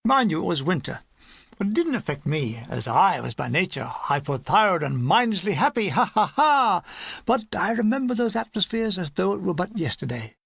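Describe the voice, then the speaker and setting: Lively man reading a war memoir. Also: high voice, a little fast, creaky, breathy edge, no room sound, clean studio sound. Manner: lively, animated reading with put-on character voices. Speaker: audiobook reader. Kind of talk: audiobook narration of a war memoir.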